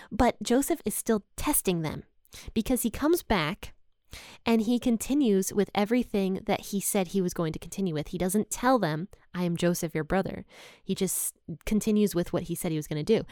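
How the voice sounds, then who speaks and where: A woman teaching a Bible study, retelling the story in a casual, lively way and acting out the characters' panic, often amused. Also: mid-range voice, dry recording, studio quality.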